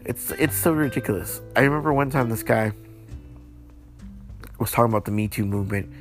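A man's voice: medium pitch, brisk, soft background music. A man hosting a solo late-night podcast, rambling and frustrated, swearing often and restarting his sentences. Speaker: podcast host.

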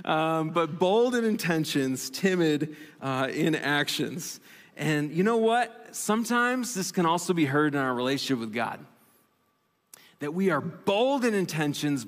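A male pastor delivering a sermon in a conversational, animated way, with self-deprecating asides. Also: a little high. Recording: long reverb of a large hall.

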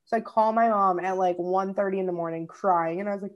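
A woman's voice: medium pitch, fairly even intonation, fairly quick, dull audio. A young woman from Minnesota, co-hosting a podcast, telling a story in casual chat and swearing freely. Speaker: podcast co-host.

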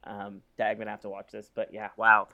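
A man's voice: lowish voice, completely flat delivery, a little fast, creaky, phone-quality sound. A man chatting on a podcast in an easygoing, rambling way. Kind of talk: casual chat.

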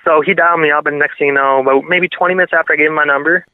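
A man, a radio DJ, telling a story in a casual interview, excitable and rambling, often restarting his sentences. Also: a little high, rapid-fire, clean tone, no echo. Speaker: radio DJ and podcast guest. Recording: dry phone-like audio.

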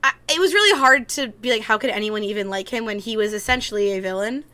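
A woman's voice: medium pitch, fast talker, sharp tone. A young woman co-hosting a podcast, chatting casually and with enthusiasm, swearing now and then. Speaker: podcast co-host. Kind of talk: casual chat.

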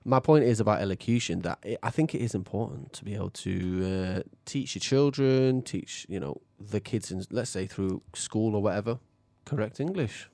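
A man's voice: fairly low pitch, normal speed, hardly any pauses, warm tone, no room sound. A man hosting a casual chat, playful and teasing, and often laughing.

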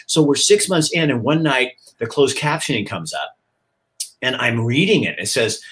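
Man telling lively newsroom anecdotes. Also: mid-range voice, fast. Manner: lively, laughing anecdote teller. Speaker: former TV news anchor. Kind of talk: casual storytelling chat.

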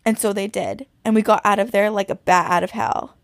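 A woman co-hosting a podcast, reading a listener's frightening story aloud with suspense and slowing down at the tense parts. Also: medium pitch, fairly even intonation, vocal fry, no room sound. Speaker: podcast co-host.

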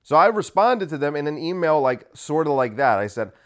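A man's voice: fairly high pitch, sing-song, brisk. Sarcastic ranting male podcaster. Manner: sarcastic, ranting, swears freely. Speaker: podcast host. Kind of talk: casual solo podcast monologue.

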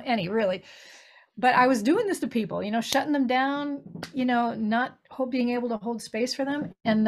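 A woman's voice: fairly high pitch, a little mellow. Earnest middle-aged woman telling stories. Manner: earnest storytelling, acts out quoted voices. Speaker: grief recovery minister. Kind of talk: conversational podcast interview.

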